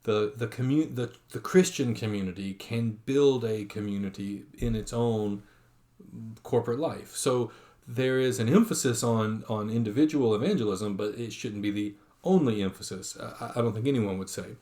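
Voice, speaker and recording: A man's voice: on the low side, normal speed, dark tone. A man giving an online lecture, reading quotations aloud with frequent fillers and restarts.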